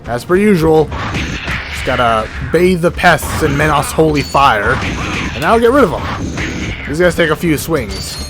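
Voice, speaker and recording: A fairly high-voiced man narrates his gameplay in a loose, excitable ramble. He keeps interrupting himself, jumps between thoughts and drops casual swears as things happen on screen. Game music plays clearly behind him. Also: unhurried. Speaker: let's play host. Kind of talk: gameplay commentary. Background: game music and sound effects.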